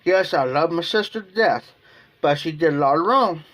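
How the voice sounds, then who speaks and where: Rambling and emotional, this Ohio live streamer talks casually and circles back over the same points. His voice is a little high, animated, and fairly bright, at normal speed.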